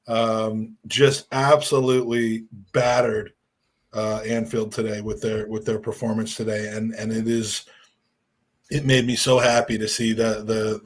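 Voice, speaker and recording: Man hosting a fan podcast, rambling, swearing, animated, mid-pitched voice. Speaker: podcast host. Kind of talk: casual fan show talk.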